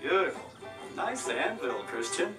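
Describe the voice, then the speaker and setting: A man voicing a mellow male rooster yoga teacher, slow and soothing, half singing his instructions in a children's yoga video. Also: a little high, very animated. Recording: roomy, distant, music behind.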